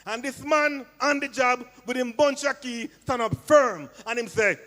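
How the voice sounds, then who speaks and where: A man's voice: very high-pitched, measured pace, few pauses. A man with a Jamaican accent doing playful stand-up and teasing the audience in patois. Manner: loud, playful crowd work in patois. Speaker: comedian. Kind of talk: stand-up comedy on stage. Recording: long hall reverb.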